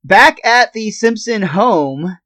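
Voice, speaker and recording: A man's voice: high-pitched, animated, takes it slowly, sharp tone. A man co-hosting a podcast, retelling a cartoon episode scene by scene in casual chat and laughing often. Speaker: podcast co-host.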